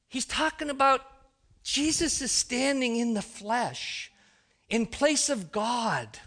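A man's voice: sits high, animated, slow, pushed and bright. A man preaching a sermon, emphatic, often restarting his sentences.

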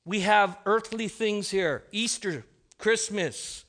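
A man's voice: sits high, slow pace, a bit bright. A man preaching a sermon, emphatic, often restarting his sentences.

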